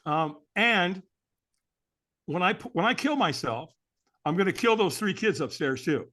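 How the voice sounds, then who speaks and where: Male guest telling a candid personal story; bright, slightly high voice, earnest delivery. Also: animated, normal speed. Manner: earnest, candid, often adds "man".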